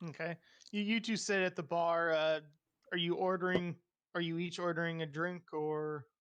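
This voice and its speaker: Game master voice, relaxed, laughing, chatty, stop-and-start phrasing. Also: mid-range voice, moderate pace, clear, resonant tone. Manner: casual, laughing often, rambling restarts. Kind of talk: running a tabletop game over voice chat.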